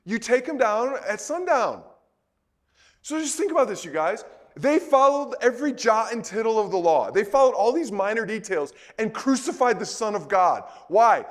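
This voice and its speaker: A man preaching a sermon in a conversational way, full of rhetorical questions, moving between soft and loud delivery. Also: high-pitched, sing-song, moderate pace. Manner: conversational, repeats words.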